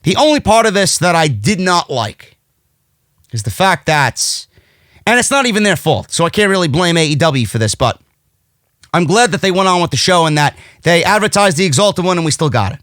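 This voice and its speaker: A high-pitched man with a New York accent breaks down last night's wrestling show in loose, excited commentary. He is blunt and swears often. His voice sits close and dry on the mic, with no room sound. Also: brisk, no echo. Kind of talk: casual commentary review.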